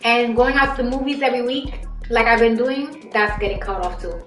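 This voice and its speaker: A young woman with a heavy Bronx Puerto Rican accent chats and rambles straight to her stream viewers, her voice pitched a little high. Spanish was her first language. The room is echoey, with faint music playing behind her. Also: fairly quick. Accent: Bronx Puerto Rican New York. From Bronx, New York. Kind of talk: casual live-stream chat.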